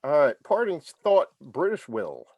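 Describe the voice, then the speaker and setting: A man's voice: a little high, huge pitch swings, a little slow, husky, no room sound, lo-fi sound. A man hosting a casual soccer podcast roundtable over a video call. He is jokey and keeps the segment moving. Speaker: podcast host.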